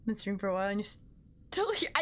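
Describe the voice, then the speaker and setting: A woman's voice: mid-range voice, very noisy. A young woman live-streaming a game, chatting casually with her viewers and counting her jumps aloud in a bubbly, playful way.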